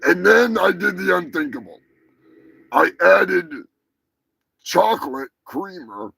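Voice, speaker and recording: A rowdy man hosting a live stream, rambling through crude jokes and swearing freely. His voice is gravelly and a little raised, and it swings wildly up and down, jumping into sudden shouts. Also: fairly high pitch, sing-song, unhurried, no room sound. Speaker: show host. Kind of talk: profane casual live-stream rant.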